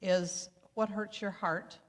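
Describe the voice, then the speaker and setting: A woman's voice: medium pitch, fairly even intonation, takes it slowly. An older woman and spiritual coach, reflectively sharing her personal practice, earnest with a wry edge. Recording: long hall reverb.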